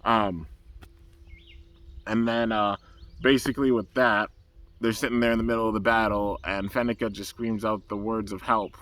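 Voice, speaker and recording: Man, lowish voice, casual recap, rambling, excitable, lots of fillers. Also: moderate pace, pauses often. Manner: rambling, loose and enthusiastic, full of "um" and "you know". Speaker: anime episode reviewer.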